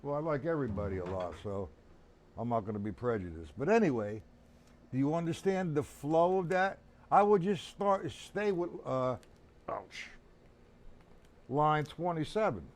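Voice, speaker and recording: Older male drum teacher on a live stream: chatty, instructive, fairly high voice with lots of pitch movement. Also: expressive, moderate pace. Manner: chatty, instructive, addresses viewers by name.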